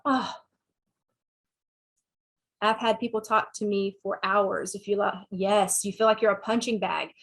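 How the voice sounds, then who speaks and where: A woman's voice: mid-range voice, fairly even intonation, moderate pace, creaky, hardly any pauses. A woman with a Southern US accent, a sex therapist giving a talk and answering questions in a frank, conversational way.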